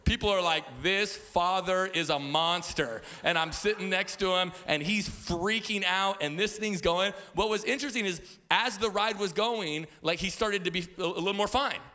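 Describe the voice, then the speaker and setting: A man's voice: sits high, normal speed, hardly any pauses. A man in his thirties preaching as a pastor in a church, telling stories with playful asides and stammered repeats. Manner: animated storytelling with playful asides. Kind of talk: sermon. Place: church auditorium.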